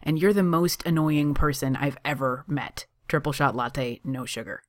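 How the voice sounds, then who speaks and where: A reader voicing a grumpy young male lawyer who talks in a slow, clipped, deadpan way. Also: medium pitch, dry recording, studio quality, natural voice.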